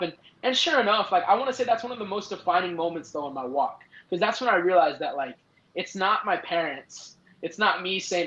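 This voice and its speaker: A man's voice: on the high side, animated, brisk, a bit bright. A young man, a podcast guest, telling a personal story casually, with many fillers and restarts. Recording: echoey, dull lo-fi sound.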